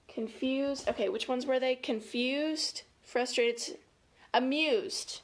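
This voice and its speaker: A family educator reads a picture book aloud to children in a playful, chatty way, gasping and laughing along the way. Her voice sits high and her pace is slow.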